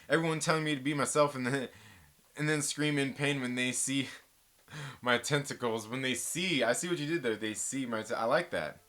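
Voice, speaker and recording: A man's voice: mid-range voice, pushed and bright. A man hosting a casual live movie chat stream, joking around and rambling as he answers viewers in the live chat.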